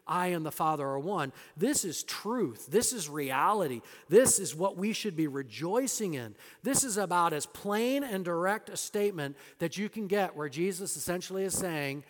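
High-voiced man preaching in a reverberant hall. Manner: emphatic preaching that drops to soft, hushed lines. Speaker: pastor. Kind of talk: sermon.

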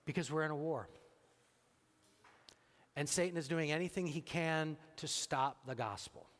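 Pastor telling a story in a reverberant church hall. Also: male voice, fairly high pitch, a little slow, fairly bright tone. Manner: storytelling, acting out both sides of a dialogue. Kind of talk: sermon.

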